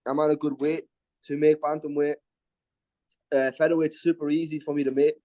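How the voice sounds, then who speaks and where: A man's voice: on the high side, little pitch movement, mellow, muffled recording. A young man, an MMA fighter talking confidently in a casual interview, often restarting his words. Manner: brash and confident, quick restarts.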